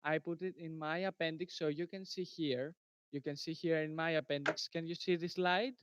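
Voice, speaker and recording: A man's voice: a little high, fairly even intonation, normal speed, a bit bright, smooth, no room sound, highs cut off. Earnest teenage boy. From Greece. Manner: earnest, formal, repeats phrases. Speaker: presenting student in a science tournament. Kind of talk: formal answers in a debate.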